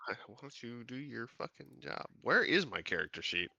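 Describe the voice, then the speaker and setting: A man's voice: mid-range voice, sing-song, moderate pace, creaky, pushed and bright, highs cut off. A man playing a tabletop game, joking crudely and sarcastically. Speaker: player. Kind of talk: casual tabletop play.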